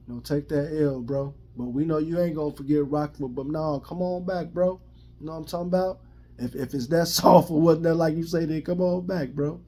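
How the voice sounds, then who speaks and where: A man's voice: fairly high pitch, warm tone, slight background noise. Blunt, profane Chicago man ranting. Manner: blunt, profane, repetitive street slang. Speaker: vlogger giving his opinion. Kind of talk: casual rant to camera.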